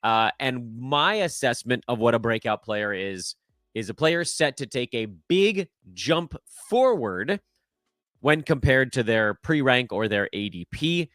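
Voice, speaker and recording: A man's voice: mid-range voice, a little slow, no room sound, clean studio sound. A man hosting a fantasy basketball show, talking casually and jokingly with rambling asides. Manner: animated, jokey, rambling asides. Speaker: fantasy basketball podcast host. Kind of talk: casual solo sports analysis.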